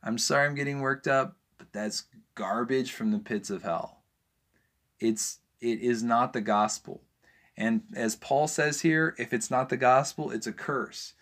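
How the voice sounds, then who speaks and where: A man's voice: medium pitch, a little slow, a bit bright. Man preaching fervently. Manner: rising to fervent emphasis, rhetorical questions. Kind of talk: impassioned preaching.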